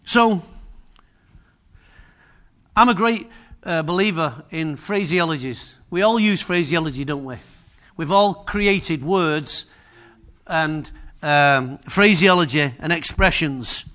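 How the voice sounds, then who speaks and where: A man's voice: a little high, expressive, takes it slowly, pauses often, fairly bright tone. A man preaching a sermon in a humorous, chatty way, often asking the congregation questions.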